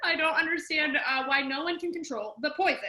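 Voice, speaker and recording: A woman's voice: sits high, fairly quick, pushed and bright. A woman hosting a podcast, chatting casually in a giggly, enthusiastic way. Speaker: podcast host. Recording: roomy echoey room.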